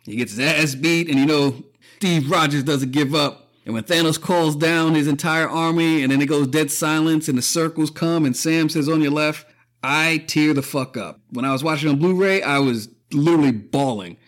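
This podcast host is a man whose voice runs on the high side and a bit bright, at a moderate pace. He delivers a casual opinion monologue that's emotional and profane, often choking up and laughing.

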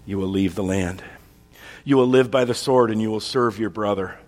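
A man voicing a frail, grieving old father who speaks low and hushed. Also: normal speed, faint music behind, natural voice. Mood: solemn. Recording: long reverb of a large hall.

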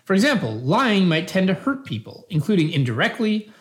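This man performs a scripted philosophical dialogue as an earnest champion of utilitarian ethics, measured and patient in manner. He speaks calmly in a high voice with big pitch swings.

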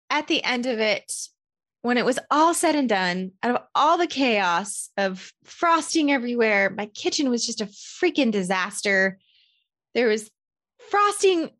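Slightly high-voiced woman telling a candid story. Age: adult parent. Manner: candid, animated, self-deprecating. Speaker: podcast host. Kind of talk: casual personal storytelling.

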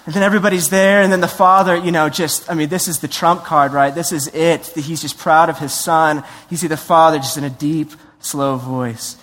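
A man preaching a sermon in a conversational, animated way, acting out voices and asides. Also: fairly high pitch, a little fast, hardly any pauses. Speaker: pastor. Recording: long hall reverb.

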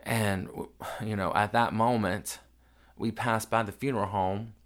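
Grieving man, low voice, candid storytelling. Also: a little slow. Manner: candid and profane, swings from hushed grief to loud excited retelling. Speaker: podcast host. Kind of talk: raw emotional storytelling.

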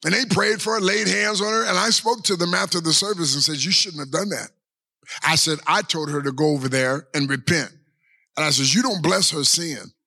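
A man's voice: on the high side, creaky, pushed and bright. A man preaching a sermon as pastor, drawing out his words and asking the congregation rhetorical questions. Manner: preaching with long drawn-out pauses and repeated rhetorical questions.

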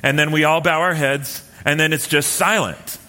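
A man preaching a sermon in a relaxed, storytelling way, with many fillers and restarts. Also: on the high side, normal speed, in a large hall. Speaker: pastor. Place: church hall with live and online audience.

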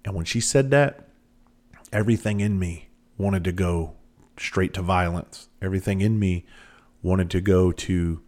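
A man's voice: deep voice, measured pace, darkish tone. A man in his thirties telling candid personal stories in a casual, rambling monologue, swearing freely.

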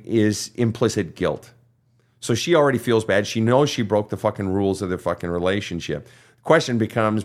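A man who hosts a counseling podcast, giving blunt, emphatic advice full of swearing. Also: fairly low pitch. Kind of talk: profane motivational advice.

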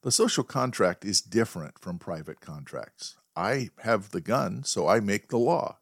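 A man voicing a male guard dog in a quiet but firm way, within a spoken story. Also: fairly low pitch, expressive, unhurried, dry recording, clean studio sound. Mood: quietly firm. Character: armed guard dog, calm and menacing, male.

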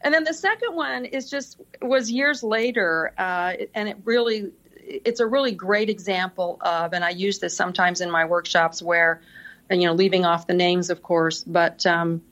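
A woman's voice: lowish voice, normal speed, a bit bright, highs cut off. A middle-aged woman, a podcast guest, telling work stories casually and laughing often. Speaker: podcast guest, senior executive assistant. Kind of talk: casual interview storytelling.

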